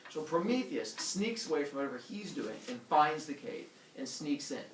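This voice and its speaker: Animated man telling a myth to a class. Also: a little high, normal speed, a little hiss or hum. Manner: animated, acts out characters with silly voices. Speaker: teacher. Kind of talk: storytelling lesson to students. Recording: echoey room from far off.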